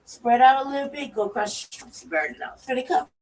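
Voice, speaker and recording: A woman co-hosting a talk show, telling a profane story in a lively way and acting out her own reactions. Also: sits high, fast talker, gravelly. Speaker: podcast co-host. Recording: distant mic with faint noise.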